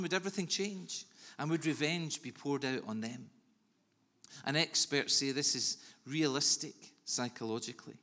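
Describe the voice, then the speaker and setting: A man preaching a sermon in an earnest, measured way with soft pauses. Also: on the high side. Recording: long reverb of a large hall.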